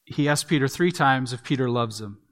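A man's voice: mid-range voice, expressive, normal speed. A man preaching a sermon as pastor, teaching through a passage in a conversational, expository way with small restarts.

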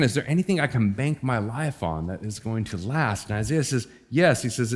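A middle-aged man preaching a sermon in a loose, conversational way, slipping into slang and chuckling at his own asides. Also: medium pitch. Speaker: pastor.

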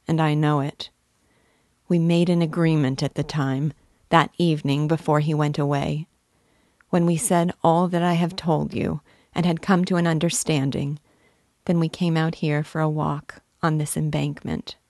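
A heartbroken young woman speaks earnestly and pleadingly, as a woman reads her part. Her voice stays low and gravelly, with slow, heavy phrasing. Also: darkish tone, no room sound, clean studio sound.

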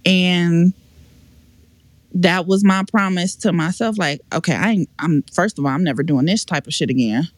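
A woman's voice: lowish voice, normal speed, no room sound. A woman guest on a podcast, telling a painful personal story in a frank, emotional, slangy way with many restarts.

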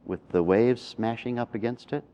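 A man's voice: mid-range voice, moderate pace, dark tone, highs cut off, a little hiss or hum, pitched above the performer's own voice, natural voice. A man acting out a cocky young male bully who taunts and challenges, in a retold story. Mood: taunting.

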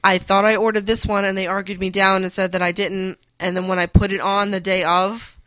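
A young woman guest on a podcast, telling stories in blunt, profane, animated casual chat. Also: mid-range voice, a little fast, no echo, rough recording. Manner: blunt, profane storytelling with animated put-on quotes. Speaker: guest, the host's wife.

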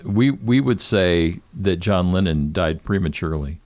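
Deep-voiced reflective man. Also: expressive, measured pace, a little mellow, no echo. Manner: reflective, speaks of scripture. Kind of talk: casual church podcast chat.

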